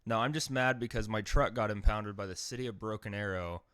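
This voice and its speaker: A man hosting a podcast, telling a comedic monologue with a deadpan delivery that breaks into sudden loud outbursts. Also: fairly low pitch, brisk, few pauses, no room sound, clean studio sound. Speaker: podcast host.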